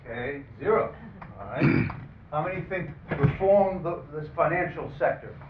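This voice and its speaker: A man moderating a panel discussion, who introduces the guests and runs an audience poll in a halting way, with many fillers and dry asides. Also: fairly high pitch, animated. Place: conference room. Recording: phone-like, roomy, distant, faint hiss.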